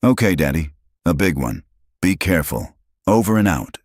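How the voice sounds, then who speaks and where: A man's voice: deep voice, animated, normal speed, dry recording, clean studio sound. A man voicing a small, scared but brave little girl on a walkie-talkie in a storybook narration, with a small, trembling voice.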